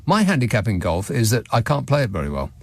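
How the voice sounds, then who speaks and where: A man's voice: mid-range voice, huge pitch swings, fast talker, creaky, a little mellow, no room sound. A man hosting a radio phone-in, reading listener messages in a dry, sardonic way with wry chuckles. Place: radio studio. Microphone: studio microphone.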